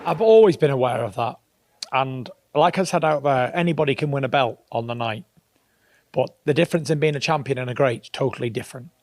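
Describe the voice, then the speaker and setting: A man in a recorded interview, talking plainly and insistently at an ordinary middle pitch. He hammers his points by repeating them, direct and without polish. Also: brisk, a little mellow. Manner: blunt, emphatic, repetitive. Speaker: professional boxer.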